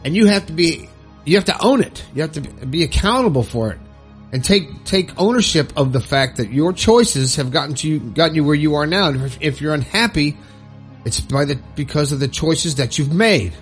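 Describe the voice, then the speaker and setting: Friendly podcast guy, kinda high voice, folksy and upbeat, little bit of music under it. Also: expressive, normal speed. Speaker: podcast host. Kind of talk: casual solo podcast talk.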